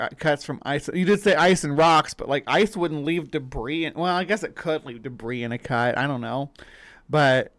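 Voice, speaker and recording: A man hosting a live stream, thinking out loud in a rambling, incredulous way as he comments on a story. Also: on the high side. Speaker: host.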